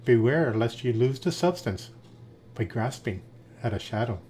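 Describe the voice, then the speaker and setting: A man reading fables aloud in a lively storytelling manner. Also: mid-range voice, a little slow, a little hiss or hum.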